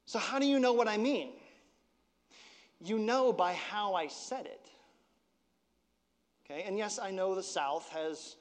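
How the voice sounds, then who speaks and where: A man preaches in a loose, conversational way. His fairly high voice jumps up in pitch and force when he acts out quoted lines. His voice rings out in a church sanctuary with a long reverb tail. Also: measured pace, pauses often. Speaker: pastor. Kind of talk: sermon.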